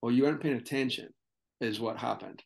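Scottish male coach, mid-pitched, animated and motivational, podcast guest. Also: fairly quick, gravelly. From Scotland. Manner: animated, motivational, many restarts. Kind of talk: casual podcast conversation.

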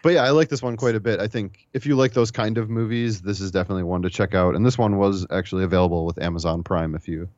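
A man's voice: sits low, steady tone, fast talker, few pauses, darkish tone, no room sound, lo-fi sound. A man casually reviewing movies on a podcast, rambling and enthusiastic, with some swearing. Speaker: podcast co-host.

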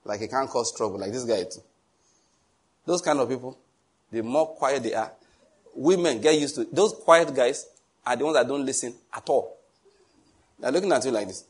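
A man preaching a sermon in an animated, joking way, with pleading asides to the congregation. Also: medium pitch, moderate pace, long pauses, husky.

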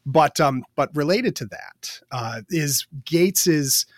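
Male interviewer, slightly higher pitch, dry studio sound, keeps checking in with "right?". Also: lively intonation, slow pace, no room sound. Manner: prompting questions with frequent "right?". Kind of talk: conversational interview.

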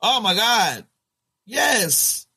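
Male podcast co-host, bright edgy voice, animated joking banter. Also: high-pitched, drawn-out words, husky. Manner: loud, animated, joking, breaks into improvised silly songs. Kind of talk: casual reality-TV recap chat.

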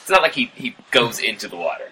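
A man's voice: on the low side, sing-song, fast talker, pushed and bright, a little hiss or hum, rough recording. A man co-hosting a podcast, chatting casually with playful asides. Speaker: podcast co-host. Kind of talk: casual chat.

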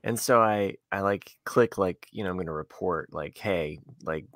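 A man's voice: low-pitched, normal speed, a bit bright, dry recording, clean studio sound. A man co-hosting a podcast in casual chat, wry and laughing through his complaints. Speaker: podcast co-host.

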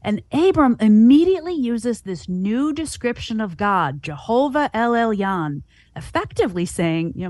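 A woman's voice: on the high side, very animated, moderate pace, a little mellow. A woman explaining Bible passages in an earnest teaching manner, asking and answering her own questions. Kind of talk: Christian teaching podcast.

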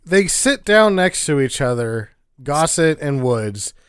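A man's voice: a little high, big pitch swings, slow pace, clean tone, no room sound, studio quality. Wry man chatting about a movie. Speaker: podcast co-host. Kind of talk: casual chat.

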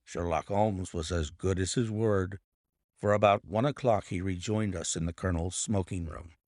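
A man narrating a detective mystery audiobook with dramatic, expressive storytelling. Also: sits low, normal speed, no echo, studio quality. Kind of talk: scripted narration.

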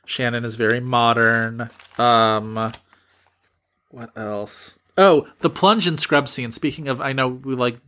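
A man's voice: medium pitch, takes it slowly, pushed and bright. A man co-hosting a podcast, chatting casually and rambling with plenty of fillers and restarts. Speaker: podcast co-host. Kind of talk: casual chat.

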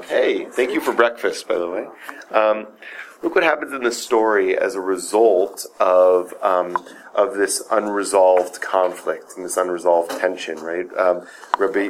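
In a low-pitched voice over a faint hiss or hum, a man teaches an informal class a story from the Talmud. Lively and casual, he dramatizes the quoted speakers and uses many fillers and "right?" checks.

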